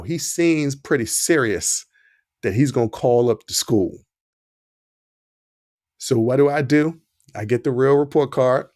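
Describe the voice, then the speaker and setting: A man hosting a podcast, telling a personal story in a casual, animated way. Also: mid-range voice, no echo, clean studio sound. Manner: animated, acts out the quoted dialogue. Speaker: podcast host.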